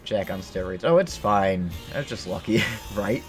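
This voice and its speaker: A man casually commenting on a game stream, joking and sarcastic. His voice is lowish but bounces around a lot, with faint game music under it. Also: lively intonation, unhurried.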